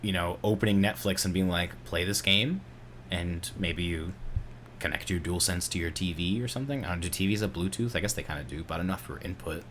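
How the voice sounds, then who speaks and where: A man's voice: deep voice, a little fast, fairly bright tone, slight background noise. A man co-hosting a casual gaming podcast, laid-back and hedging his opinions. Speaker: podcast co-host.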